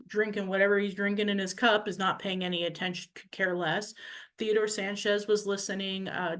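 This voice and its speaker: Woman councilwoman venting to viewers, lively storytelling, acts out the quotes. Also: mid-range voice. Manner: animated storytelling, acting out quotes. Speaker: city councilwoman. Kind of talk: casual recap to viewers.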